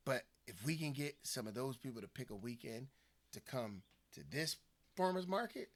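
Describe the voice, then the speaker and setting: A man co-hosting a podcast, chatting casually and telling stories with lively acted-out quotes. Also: medium pitch, moderate pace. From Philadelphia area. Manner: animated storytelling, acts out quoted people. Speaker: podcast co-host. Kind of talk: casual conversation.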